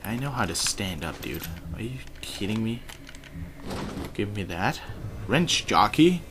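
A man's voice: fairly low pitch, big pitch swings, a little slow, background noise. A man commenting casually while playing a video game, politely addressing game characters and muttering curses. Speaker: gamer. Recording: loud keyboard typing behind.

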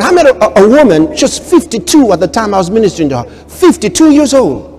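A man preaching a sermon as pastor, swinging between hushed storytelling and loud proclamations and acting out quoted voices. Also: sits high, big pitch swings, quick pace, in a large hall.

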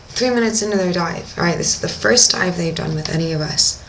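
A woman's voice: on the low side, brisk, fairly bright tone, a little hiss or hum, rough recording. A young woman working as a dive instructor, telling a diving story in a casual video diary and acting out her own reactions.

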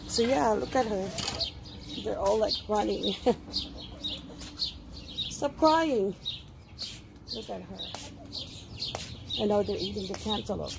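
A woman vlogging her morning on a phone in her backyard, chatting with pauses and fillers and cooing at her pet hens. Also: medium pitch, gravelly, noisy background. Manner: chatty, hesitant, talks sweetly to her hens. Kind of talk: casual vlog commentary. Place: home backyard, outdoors.

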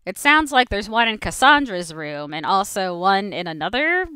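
A woman's voice: medium pitch, big pitch swings, normal speed, few pauses, bright, forceful tone, clean tone, no echo. A young woman playing a horror game and joking as she talks to herself and her viewers. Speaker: game streamer. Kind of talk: casual gameplay commentary.

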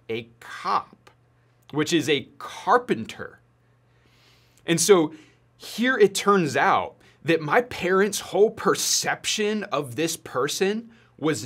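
A young man giving a sermon to students, speaking in a deliberate, measured way with pauses. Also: fairly high pitch, fairly bright tone. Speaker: youth pastor.

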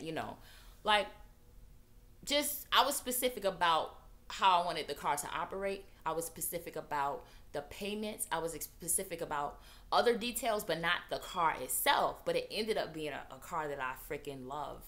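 Bright, animated woman vlogger; casual storytelling with lively acted-out quotes. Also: moderate pace. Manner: animated, acts out quotes with big pitch jumps.

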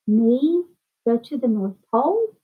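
A woman reading aloud and voicing an excitable middle-aged male house painter in a storybook reading, talking eagerly and pleadingly, on a dull, lo-fi recording. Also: a little high, slow, breathy edge, full character voice. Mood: bewildered. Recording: dull lo-fi sound.

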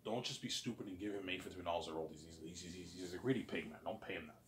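A man's voice: low voice, racing, a little hiss or hum. A man in a casual monologue who rambles and uses lots of "like" and "man" and some swearing. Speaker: channel host.

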